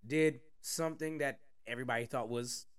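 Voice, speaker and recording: A man's voice: medium pitch, fairly quick, smooth. A man co-hosting a casual sports podcast, teasing and laughing, swearing casually. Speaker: podcast co-host.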